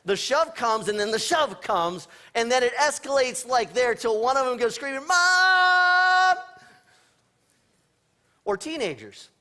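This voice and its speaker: A man with a notably high-pitched voice, preaching a church sermon. He talks in a loose, conversational way and tells everyday stories with a playful, joking touch. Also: expressive, normal speed, hardly any pauses, a bit bright. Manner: conversational storytelling with playful humor. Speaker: pastor. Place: church sanctuary.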